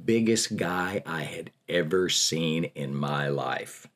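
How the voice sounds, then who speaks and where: Low husky older man telling stories. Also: takes it slowly. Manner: folksy, animated storytelling. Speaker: prison ministry volunteer. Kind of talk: telling personal stories in an interview.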